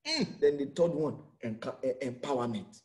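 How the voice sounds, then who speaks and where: Animated Nigerian preacher man. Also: on the high side, moderate pace. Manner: animated, emphatic preaching with rhetorical questions. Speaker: pastor. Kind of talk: sermon.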